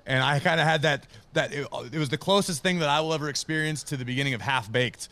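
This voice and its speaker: A man's voice: a little high, quick pace, few pauses, bright, forceful tone, dry recording. A man in his thirties, a wrestling commentator, telling stories in a casual interview, self-deprecating and acting out the voices of people he quotes.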